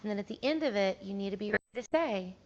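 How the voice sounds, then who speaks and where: A woman's voice: mid-range voice, expressive, fast. A young woman, a music teacher giving a casual conference talk, chatty, laughing often and acting out quotes. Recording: dull, lo-fi room recording.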